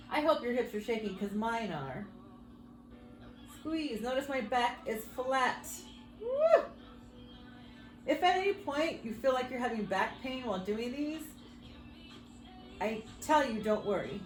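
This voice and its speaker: A woman's voice: fairly high pitch, roomy sound, low-quality recording. Upbeat woman coaching a workout. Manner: upbeat, cheering with whoops, shaky while exercising along. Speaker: fitness coach. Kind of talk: workout instruction.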